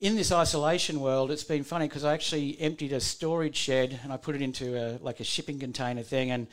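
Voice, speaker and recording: A man's voice: mid-range voice, fairly even intonation, fast talker. A man with an Australian accent, a musician guest, chatting and telling stories in a laid-back, laughing way. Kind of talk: casual chat. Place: home bar in a shed.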